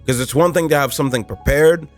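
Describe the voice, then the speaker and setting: A man's voice: fairly high pitch, fast, faint music behind. A man hosting a motivational podcast, talking casually and emphatically with lots of fillers, pushing his voice up to stress points. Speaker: podcast host.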